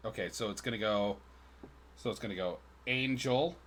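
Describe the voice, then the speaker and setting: A man's voice: fairly low pitch, moderate pace, a bit bright, slight background noise. A man running a tabletop game as dungeon master for friends, casual and self-deprecating as he calls for rolls.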